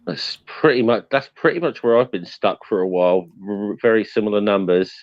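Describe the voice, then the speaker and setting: A man's voice: on the low side, animated, brisk, no room sound. A man in casual stream chat who stammers into restarts and speaks bluntly with swearing. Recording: dull dry lo-fi mic.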